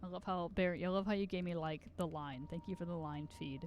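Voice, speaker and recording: Fast-talking and lowish in pitch, a young woman streamer with a faint Southern US accent rambles, jokes, and swears casually as she plays. Her tone is on the dark side, and there's a little background noise.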